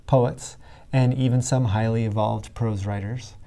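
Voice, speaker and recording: Calm, mellow male lesson narrator. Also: lowish voice. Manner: clear, deliberate delivery with exaggerated stresses in the examples. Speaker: writing instructor. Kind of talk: scripted educational narration.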